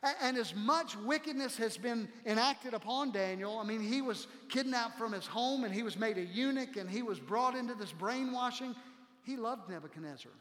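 A male pastor preaching a sermon to his congregation, impassioned, dropping to hushed tones for quoted lines. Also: very high voice, expressive, moderate pace. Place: church sanctuary. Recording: long hall reverb.

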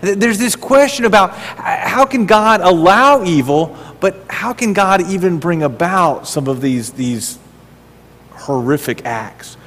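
A middle-aged man delivers a sermon from the pulpit, his voice a touch high for a man. He talks in an animated way, asks rhetorical questions and repeats words as he goes. The sound carries a long reverb, as in a large church hall. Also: unhurried. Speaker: pastor.

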